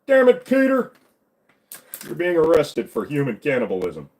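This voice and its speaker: A man with a stuffy, congested voice doing an impression of a gruff, loud middle-aged male cartoon cop in a pushed-up, strained voice. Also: fairly high pitch, huge pitch swings, normal speed. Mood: outraged.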